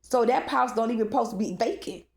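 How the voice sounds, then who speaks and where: A woman's voice: a little high, fast, gravelly. A woman telling a personal story in a casual storytime monologue, blunt and profane, often checking in with "okay?". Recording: echoey room.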